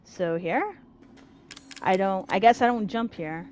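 A young woman hosting a horror game let's play, swearing constantly and shouting at enemies in panic. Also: medium pitch, slow pace, a little hiss or hum. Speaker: gaming channel host.

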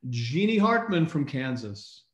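A man co-hosting a live online recognition event, reading out names in an upbeat way and often clearing his throat, speaking over a video call. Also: a little high, very animated, measured pace, muffled recording. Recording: echoey room on a video call.

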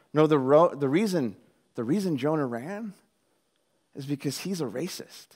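A man preaching a sermon in a conversational, animated way, mixing jokes with storytelling. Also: fairly high pitch. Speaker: pastor.

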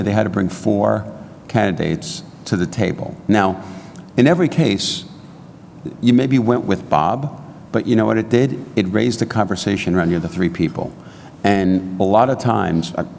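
A man with a lowish, gravelly voice tells a conversational story on a conference panel. His voice echoes through a large hall over a faint background hiss. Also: darkish tone. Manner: anecdotal, conversational. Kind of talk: panel discussion. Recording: reverberant hall with faint noise.

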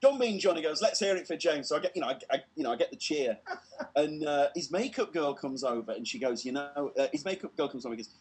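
Animated British man telling a comedy story. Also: on the high side, fast talker. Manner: lively, acts out voices, laughs at own story. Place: online comedy show.

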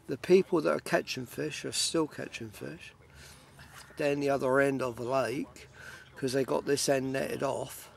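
A man talks casually to the camera at a fishing match by a lake. His voice sits a little high and has a gravelly edge. Faint outdoor ambience runs behind him. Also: a little hiss or hum. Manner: chatty, banters with friends. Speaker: vlogger filming a fishing match.

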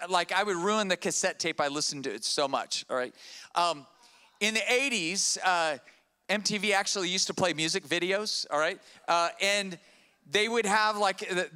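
A middle-aged man preaches from a church stage in a lively storytelling sermon. His voice sits high and sounds bright and smooth. He restarts phrases and keeps checking in with the congregation. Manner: animated, repeats words and checks in with "all right?". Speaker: pastor.

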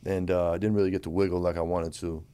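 Host, adult man, casual, enthusiastic, slang-heavy, lower pitch. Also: level tone, quick pace, mellow, smooth. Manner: hyped, slangy, frequent profanity and "you feel me". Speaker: podcast host. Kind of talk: casual chat.

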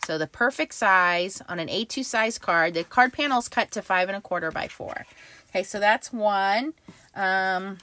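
A woman's voice: medium pitch, moderate pace, sharp tone. A middle-aged woman casually demonstrating new stamp sets, chatty and enthusiastic, with fillers. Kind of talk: casual craft product demo.

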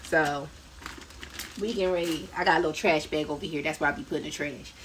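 A woman with a low, slightly bright voice talks fast in a steady tone. She's running a casual cooking live stream from her home kitchen, chatting with viewers and laughing while she cooks. The audio is a noisy live-stream recording taken from a distance.

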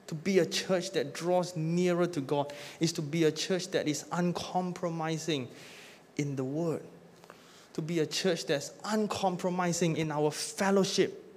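A male pastor preaches in a fairly high voice, piling up emphatic lists and then sinking to a hushed close at the end of each point. The long reverb of a church hall surrounds him.

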